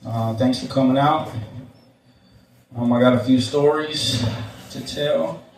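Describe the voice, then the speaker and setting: A young man tells a story on stage in a loose, rambling way, full of uh and um and frequent swearing. His voice sits at an ordinary pitch. It is picked up from a distance in an echoey room with a faint hiss underneath. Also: slow. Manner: rambling and profane, with many fillers and restarts. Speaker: storyteller at a live show. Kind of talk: casual spoken storytelling. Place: live venue, on stage. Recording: echoey room, mic far off, faint noise.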